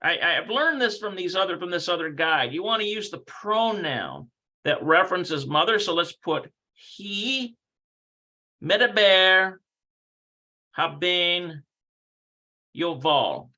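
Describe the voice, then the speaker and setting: A man running a relaxed livestreamed language class from his computer. His voice is bright and sits a little high. He rambles, works things out aloud and corrects himself mid-sentence. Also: slow, pauses often, rough recording. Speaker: Hebrew teacher. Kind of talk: casual livestreamed language lesson.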